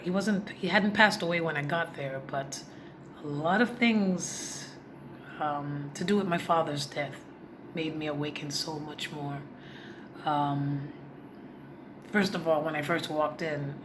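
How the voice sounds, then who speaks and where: A woman's voice: low voice, fairly even intonation, unhurried. A woman vlogger telling a personal story in a heartfelt, confiding way, speaking directly to her viewers. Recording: noisy background.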